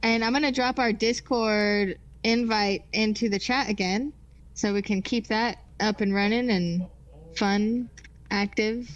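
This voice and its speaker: A woman in casual live-stream chat, talking at an unhurried pace in a mid-range voice. She laughs often and reads viewers' messages out loud. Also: mid-range voice, fairly even intonation, highs cut off. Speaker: co-host of a live pinball repair stream.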